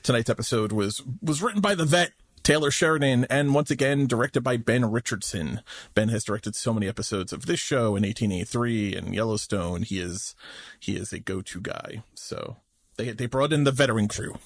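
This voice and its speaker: A man's voice: medium pitch, brisk, no echo, studio quality. A man co-hosting a podcast, chatting casually about a TV episode and joking often. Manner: animated, jokey, laughs often. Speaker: podcast co-host. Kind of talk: casual TV recap chat.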